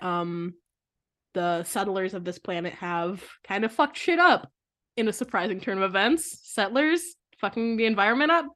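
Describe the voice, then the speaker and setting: A woman's voice: mid-range voice, fairly bright tone. A young woman co-hosting a podcast, chatting casually with giggly, slangy, rambling storytelling. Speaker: podcast co-host. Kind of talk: casual chat.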